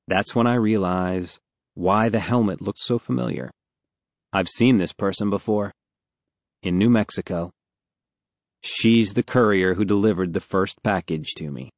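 Deep-voiced man narrating an audiobook. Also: normal speed, no room sound, highs cut off. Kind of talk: first-person audiobook narration.

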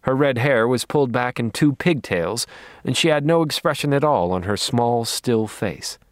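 A man narrating an audiobook in a dry, wry, deadpan manner. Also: medium pitch, normal speed, no echo.

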